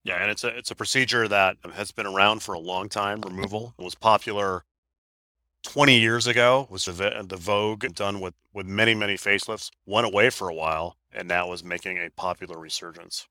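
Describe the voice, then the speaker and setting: A middle-aged man hosting a podcast, upbeat and quick to laugh. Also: on the low side, bright, forceful tone, dry recording. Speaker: podcast host. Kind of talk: casual chat.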